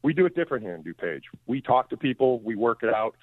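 A fast-talking county sheriff with a medium-pitched, sing-song voice joins a radio interview by way of a tinny phone line, with no echo. He speaks firmly and plainly and repeats words to drive a point home.

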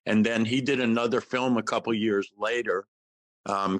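A man's voice: fairly low pitch, dry recording, poor audio. A man in his sixties, a guest actor in a casual interview, telling a story and acting out the quoted dialogue.

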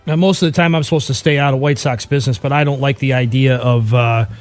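A man's voice: mid-range voice, fairly even intonation, quick pace, faint music behind. A man on a sports talk panel, speaking in a skeptical, wry way.

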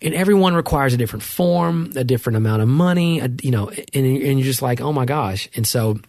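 A man's voice: mid-range voice, lively intonation, quick pace, a little mellow, no echo, studio quality. A middle-aged man chatting casually as a podcast co-host, rambling through stories with many restarts. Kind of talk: casual chat.

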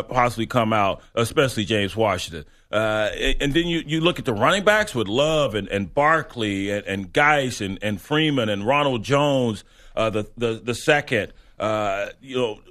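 A man's voice: mid-range voice, a bit bright. A man co-hosting a sports radio show, talking casually about football with lots of restarts and fillers. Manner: rambling, many restarts and fillers.

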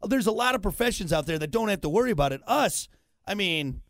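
A man's voice: high voice, fast, dry recording. A man co-hosting a morning radio show, joking and telling stories in casual banter. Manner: joking, animated storytelling. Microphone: studio microphone.

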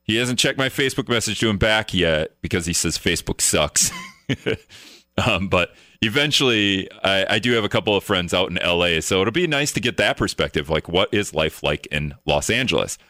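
A man hosts live talk radio from a studio, talking on his own in a loose, rambling way. His voice sits on the low side but sounds bright and forward. He trips over his own words, corrects himself and slips in sarcastic jokes, close to a dry microphone. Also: animated, normal speed, no room sound. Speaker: radio talk show host. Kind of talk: casual solo radio talk.

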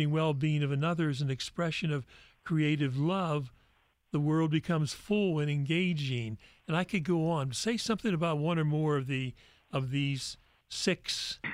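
Measured higher-voiced male interviewer. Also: no room sound. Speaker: interview host. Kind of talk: interview, reading quoted passages aloud.

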